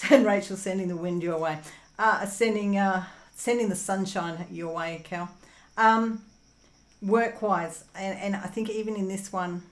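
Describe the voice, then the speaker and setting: Diamond painting in a room at home, this young Australian crafting host reads through viewer comments in a casual, rambling way. Her voice is on the low side, the sound is roomy, and she fills her talk with ums and laughter.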